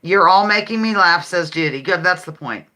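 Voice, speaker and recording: A woman hosts a casual live-stream game show and chats easily with her viewers. She reads their answers aloud and giggles often. Her voice is bright and swings freely up and down. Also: on the low side, lively intonation, moderate pace. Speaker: livestream host.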